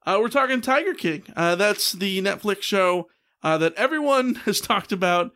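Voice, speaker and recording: A man in his thirties co-hosting a casual podcast, talking quickly and filling pauses with "uh.". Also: sits high, animated, bright, forceful tone. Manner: quick, chatty, with many "uh" fillers. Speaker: podcast co-host.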